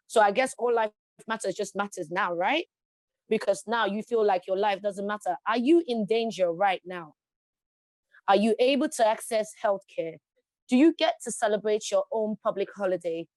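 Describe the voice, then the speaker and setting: An interview guest, a woman, speaks passionately and conversationally, driving points home with emphatic rhetorical questions. Her voice is medium-pitched, a little mellow, and moderately paced, with no room sound.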